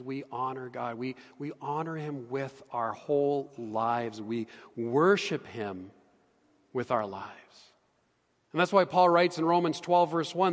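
Man, middle-aged pastor, sermon, earnest, fairly high voice, long church-hall reverb. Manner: earnest, swings from emphatic to hushed. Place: church sanctuary.

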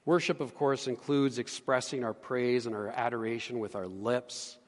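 A middle-aged man, a pastor, preaching a sermon with earnest emphasis that drops to hushed tones. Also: medium pitch, steady tone, normal speed, big-room sound. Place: church sanctuary.

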